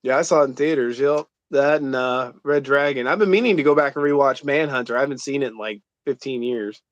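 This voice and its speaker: A man's voice: mid-range voice, a little fast, dry recording, muffled recording. A man co-hosting a casual movie commentary chat, rambling with lots of fillers. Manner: rambling, lots of likes and uhs. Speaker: podcast co-host.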